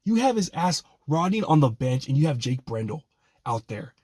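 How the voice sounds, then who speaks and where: In this angry sports rant, a young fan channel host swears and fumes about his football team, apologizing over and over for getting so heated. His voice runs on the high side in a sing-song way at normal speed, a little mellow and slightly rough, captured in a dry recording.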